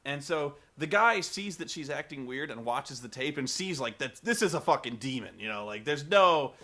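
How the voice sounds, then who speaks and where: A man's voice: medium pitch, expressive, moderate pace, pushed and bright. A man giving a comedic film review in a rambling, profane way, full of fillers.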